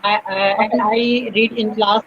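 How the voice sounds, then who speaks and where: Nervous Pakistani male student, fairly high voice, stammering, muffled distant call line. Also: level tone, measured pace, fairly bright tone, slight background noise. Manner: nervous, stammering with many fillers. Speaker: physics master's student. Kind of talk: nervous self-introduction on a video call.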